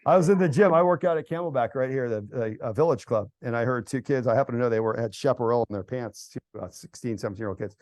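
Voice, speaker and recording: A middle-aged American man speaking casually to a church group, telling stories that build to loud, animated outbursts. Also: mid-range voice, quick pace, few pauses, no echo. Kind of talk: casual storytelling talk to a group. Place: church hall event.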